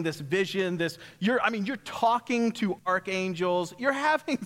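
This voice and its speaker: High-voiced guy preaching in church, super animated, does little voices, echo hangs in the hall. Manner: animated, acts out voices, laughs while preaching. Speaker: pastor. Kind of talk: sermon.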